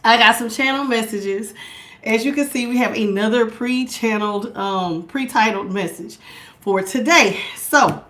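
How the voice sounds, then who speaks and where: A woman's voice: fairly high pitch, a little slow, fairly bright tone, slight background noise. A woman hosting a tarot reading stream in a chatty, laughing way, out of breath. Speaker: tarot reader. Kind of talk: casual livestream talk.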